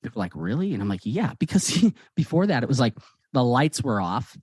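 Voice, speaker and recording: Man, guest author, animated storytelling, acts out dialogue, dry close sound, mid pitch. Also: brisk, breathy edge, no room sound. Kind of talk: conversational storytelling.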